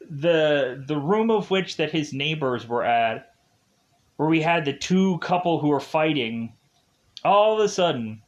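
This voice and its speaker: Rambling, laughing man recapping a film. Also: fairly high pitch. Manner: rambling, laughs often, frequent filler words. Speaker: film reviewer. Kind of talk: casual spoken film recap.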